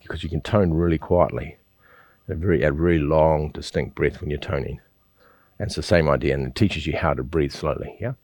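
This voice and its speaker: This male qigong instructor has a very deep, low voice with a darkish tone. He walks students through a slow breathing exercise, patiently repeating himself and checking in with a brief "yeah?", captured in a dry, close recording with no echo.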